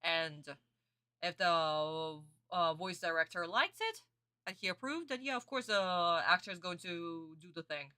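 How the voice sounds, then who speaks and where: A woman's voice: on the low side, expressive, unhurried, pushed and bright. A young adult woman streamer chatting casually as she reacts to a cartoon episode, calling her viewers sweeties and honey and answering their comments. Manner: talks back to chat comments.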